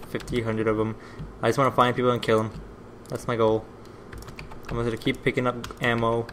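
Rambling excitable gaming commentator, man. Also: medium pitch, a little hiss or hum. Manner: rambling, easily excited, swears. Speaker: gaming video host. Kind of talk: let's play commentary.

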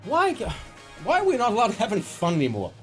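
A man streaming live, talking in an animated, jokey way and slipping in and out of silly voices. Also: high voice, quick pace, faint music behind.

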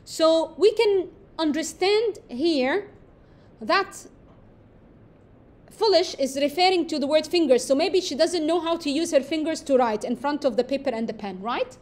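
A woman teaching a lesson that analyzes a poem, explaining step by step, repeating key phrases and pausing on fillers. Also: sits high.

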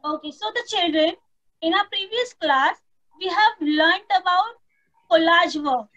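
A woman's voice: very high voice, a little slow, a bit bright, highs cut off. A woman, teaching young children an online lesson, patiently repeating prompts and imitating animal sounds. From India. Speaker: primary school teacher.

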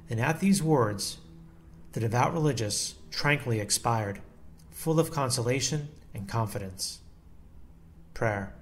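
A man with a mid-range voice reads a devotional text. His delivery is slow, solemn and measured, and a faint noise sits under the recording. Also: medium pitch. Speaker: devotional reader. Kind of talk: devotional reading.

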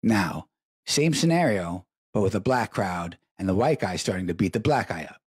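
On a live show, a stoned middle-aged host spins crude, rambling, profane stories in a stream-of-consciousness way, hammering words through repetition. He speaks on the low side at a moderate pace, with lively intonation, a slightly mellow quality and a breathy edge. The sound is clean studio audio with no room sound.

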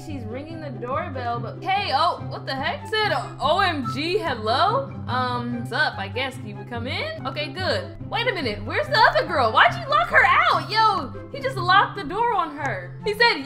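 A woman's voice: high voice, big pitch swings, moderate pace, hardly any pauses. A woman casually narrating a game roleplay, slangy and reactive, reading out other players' lines. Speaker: gaming video creator narrating a roleplay. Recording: background game music.

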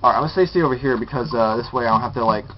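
A man's voice: medium pitch, racing. A man commenting on his own gameplay, muttering, exasperated and cursing at his mistakes. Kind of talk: frustrated let's play commentary. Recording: dull lo-fi capture with loud guitar music. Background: guitar music.

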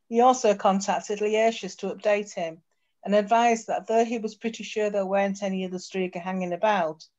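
A woman author reading her fiction aloud on a video call, with steady narration and occasional slips. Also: mid-range voice. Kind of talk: storybook reading. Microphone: computer mic on a video call. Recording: dull lo-fi video call audio.

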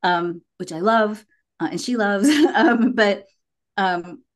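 A middle-aged woman chatting as a podcast guest, telling stories in an animated way and acting out what people said. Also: mid-range voice, slow. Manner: animated storytelling, acts out quotes. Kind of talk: casual podcast chat.

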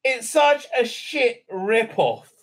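A man's voice: extremely high pitch, very animated, slow pace. A man hosting a casual episode recap and review, talking in a sarcastic, mocking way and dropping into silly put-on voices. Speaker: show host reviewing a TV episode.

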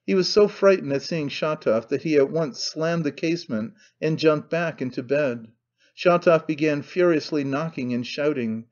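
Guy reading an audiobook, steady and measured, muffled audio. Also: on the high side. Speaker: audiobook narrator. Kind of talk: audiobook narration.

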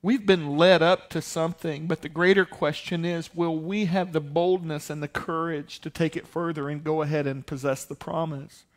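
Male pastor, high-pitched, storytelling sermon that rises to forceful preaching. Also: fairly even intonation, moderate pace, few pauses. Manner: storytelling, building to loud emphatic preaching.

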